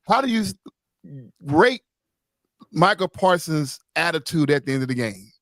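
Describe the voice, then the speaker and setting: A man's voice: on the high side, expressive, normal speed, a bit bright, dry recording, clean studio sound. A man hosting a casual sports podcast, talking loosely and reading out listener comments. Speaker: podcast host.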